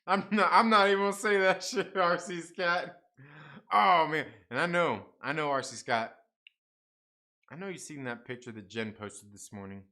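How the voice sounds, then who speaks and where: Fairly high-pitched with a sharp tone, this man speaks at normal speed while hosting a laid-back late-night stream. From a half Mexican family, he swears, laughs, and eats as he talks with his chat.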